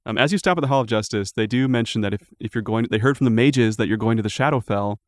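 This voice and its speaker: Fast-talking man running a tabletop game. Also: medium pitch, no echo, clean studio sound. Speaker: dungeon master.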